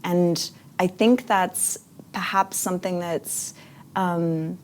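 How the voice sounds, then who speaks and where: Woman, interview guest; lower register, earnest, reflective delivery. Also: fairly even intonation, takes it slowly, slight background noise. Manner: earnest, reflective, frequent fillers. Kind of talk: casual interview.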